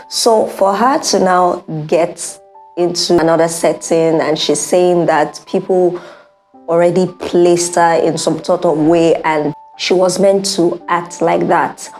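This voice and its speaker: A woman's voice: fairly low pitch, darkish tone. A young woman speaking in an earnest, heartfelt personal monologue, repeating her points for emphasis. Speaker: vlogger.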